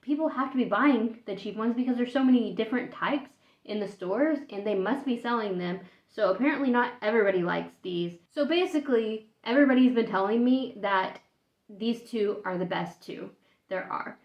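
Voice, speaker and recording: A woman's voice: fairly high pitch, moderate pace. Chatty woman vlogging in an echoey room. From United States. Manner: chatty, thinking aloud while tasting. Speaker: food vlogger. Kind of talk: casual taste-test vlog. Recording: echoey room, dull lo-fi sound.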